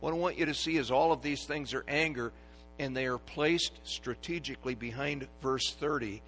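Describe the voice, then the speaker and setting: A middle-aged man, a pastor, preaching a sermon with dynamic swings from hushed to loud and emphatic. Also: medium pitch, normal speed, faint music behind. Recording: long reverb of a large hall.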